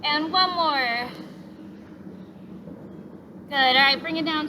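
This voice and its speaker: High-voiced woman leading a yoga class. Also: measured pace, long pauses, noisy background. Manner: gentle, encouraging, cueing breaths. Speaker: yoga instructor. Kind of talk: guided yoga class instruction. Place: outdoors in a park.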